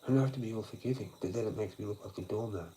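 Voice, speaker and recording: A man's voice: on the low side, very fast, warm tone, slight background noise, poor audio. A young man ranting on a livestream, swearing a lot and circling through frustrated philosophical thoughts. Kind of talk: rambling late-night livestream rant.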